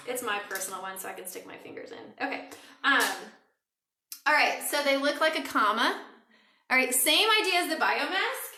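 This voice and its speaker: A woman's voice: sits high, animated, normal speed, recorded from a distance. A woman in her forties hosting a live beauty-product party, talking in a bubbly, giggly, chatty way. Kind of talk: casual live demo chat. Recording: echoey room, faint noise.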